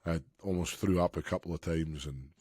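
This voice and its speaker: A man with a very low voice co-hosts a podcast, chatting casually and rambling with plenty of laughs. The sound is dry and close, with little room in it. His talk stays loose and jokey. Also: fairly quick, a little mellow, dry recording. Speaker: podcast co-host.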